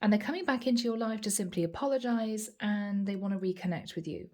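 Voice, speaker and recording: A woman giving a channeled tarot reading, speaking calmly and reassuringly, addressing the listener directly and repeating key phrases. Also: mid-range voice, fast talker. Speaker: tarot reader.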